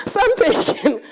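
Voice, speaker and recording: A woman in her forties, speaking at a conference, telling lively personal stories with frequent laughter. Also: medium pitch, gravelly. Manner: lively, animated and laughing, acting out quotes. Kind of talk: personal storytelling talk. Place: conference stage.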